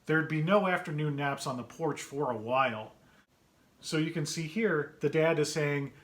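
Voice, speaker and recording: Man reading a picture book to kids. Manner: gentle, chatty, pauses to point out pictures and ask kids questions; puts on brighter higher voices for characters' quoted lines. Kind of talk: read-aloud story time for children.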